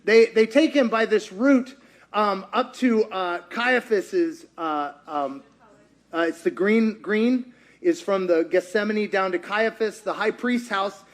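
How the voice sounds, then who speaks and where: A man preaching a sermon, retelling a story in a lively conversational way and acting out the characters' lines. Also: sits high, slow pace. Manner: acts out quotes in character voices, lively and conversational. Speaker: pastor.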